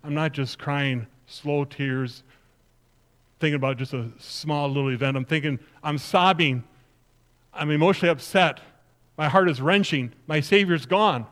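A pastor playing Mary Magdalene, earnest. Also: male voice, fairly high pitch, normal speed, a bit bright, close to an everyday voice. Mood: sorrowful. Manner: earnest, emphatic storytelling addressed to the congregation. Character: grieving then joyful woman disciple, earnest. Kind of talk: first-person dramatic sermon monologue.

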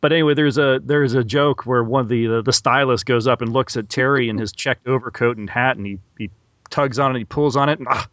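A man's voice: mid-range voice, steady tone, brisk, a bit bright, no echo, lo-fi sound. A man hosting a podcast, casually recounting film scenes with chuckles. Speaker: podcast host.

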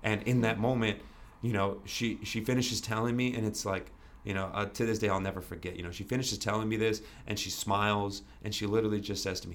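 Earnest young man with a lowish voice. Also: fairly even intonation, brisk, hardly any pauses. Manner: earnest, restarts often, fillers like "you know". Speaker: podcast guest. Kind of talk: candid conversational storytelling.

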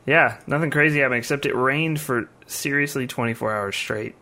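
A man chatting on a casual podcast. His voice is bright and sharp, and he talks in a relaxed, easygoing way. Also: mid-range voice, fairly quick. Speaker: podcast co-host. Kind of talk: casual chat.

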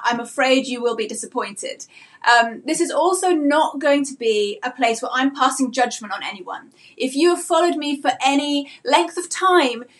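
A woman's voice: high voice, fairly bright tone. A woman mentoring homeschooling parents in a live-streamed talk. She speaks earnestly and asks many rhetorical questions.

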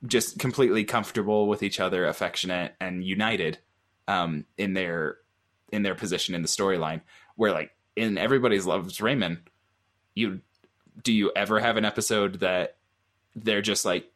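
A man in a casual podcast discussion, making his point in a measured way. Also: low voice, fairly bright tone. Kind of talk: casual chat.

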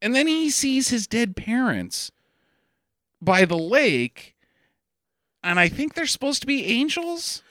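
A man's voice: extremely high pitch, sing-song, slow pace, pauses often, sharp tone, dry recording, clean studio sound. A man chatting casually as a podcast co-host, laughing often and mocking a film in silly voices. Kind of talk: casual movie-riffing chat.

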